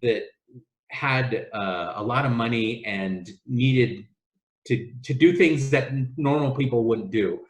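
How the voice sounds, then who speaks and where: A man's voice: mid-range voice, slow. A middle-aged man, a travel agency owner and podcast guest, telling stories in a casual interview, rambling with many restarts and fillers. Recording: echoey room.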